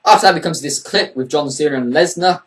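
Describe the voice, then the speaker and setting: A man's voice: fairly high pitch, fast. A man giving a casual, opinionated wrestling review, blunt and profane.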